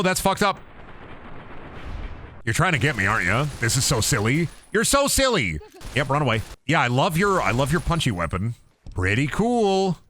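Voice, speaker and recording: A man's voice: fairly high pitch, pushed and bright, slight background noise. A young man streaming a video game, joking around in a goofy, playful way and slipping into silly voices. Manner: goofy, jokey, often putting on silly voices. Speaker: gaming streamer.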